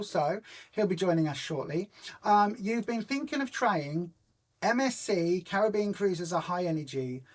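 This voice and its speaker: A woman hosting a casual live stream for her weight loss group, rambling through stories and answering viewer comments. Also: medium pitch. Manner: rambling, chatty storyteller who retells conversations in reported speech; homely and informal, many ums and restarts.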